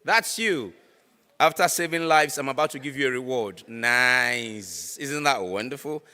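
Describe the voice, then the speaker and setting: A man's voice: mid-range voice, measured pace, bright, forceful tone. A Nigerian man hosting a raffle draw at an event, teasing winners and chanting ticket numbers over and over. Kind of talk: playful event emcee. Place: conference hall. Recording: echoey hall with long reverb.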